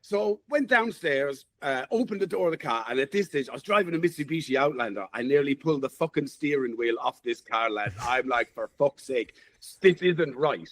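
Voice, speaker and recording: A man's voice: medium pitch, animated, a little fast, hardly any pauses, a bit bright. A man in his forties with an Irish accent, telling a story as a guest caller, swearing freely and chuckling. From Ireland. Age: 40s. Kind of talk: casual storytelling.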